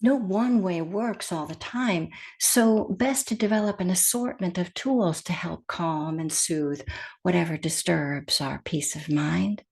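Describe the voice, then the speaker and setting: Slow, gentle woman meditation teacher. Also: on the low side, creaky. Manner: gentle and soft-spoken, with hushed whispered phrases. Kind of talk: guided meditation talk.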